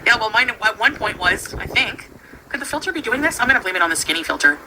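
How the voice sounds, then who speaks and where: A woman's voice: on the high side, big pitch swings, quick pace, background noise. A woman hosting a casual livestream, chatting in a rambling, giggly way and often trailing off mid-sentence. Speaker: livestream host.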